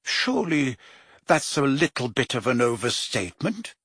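A hot-tempered male prime minister, barking sharp and sarcastic, with a lively, swinging pitch, as a male reader plays him. The voice is bright and slightly husky, recorded close and dry. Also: moderate pace, no echo. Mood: nervous.

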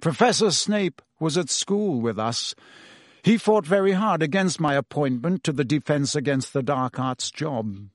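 A weary, remorseful male teacher, as a man reads him in an audiobook. He talks heavily, confessing old faults with open self-disgust. The voice sits a little high and the sound is dry and close. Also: expressive, a little slow, no room sound. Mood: heavy. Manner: heavy, confessional, self-reproaching. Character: weary, guilt-ridden adult male teacher. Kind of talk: audiobook character reading.

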